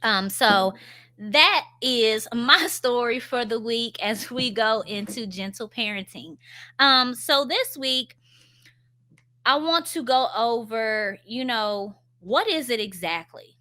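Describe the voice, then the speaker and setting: A woman's voice: on the high side, expressive, slow, bright, forceful tone. A woman in her thirties, a stay-at-home mom, chatting candidly in a casual vlog about parenting, with frequent filler words.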